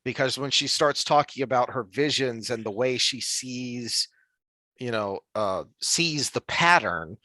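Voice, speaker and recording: A man's voice: mid-range voice, expressive, measured pace, bright, forceful tone, no echo. A man co-hosting a podcast, chatting casually about a fantasy book series with lots of restarts and fillers. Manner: rambling, many restarts and fillers. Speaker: podcast co-host.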